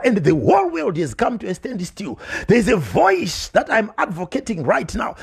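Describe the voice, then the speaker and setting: A man preaching a sermon from home, switching between Shona and English, with rising passion and shouted calls. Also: extremely high pitch, sing-song, fairly quick, gravelly, hardly any pauses, breathy edge. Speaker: pastor.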